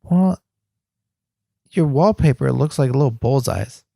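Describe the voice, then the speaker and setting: A man's voice: medium pitch, lively intonation, slow pace, creaky, warm tone, no echo, clean studio sound. A man co-hosting a comedy podcast with a naive, innocently oblivious manner. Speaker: podcast co-host.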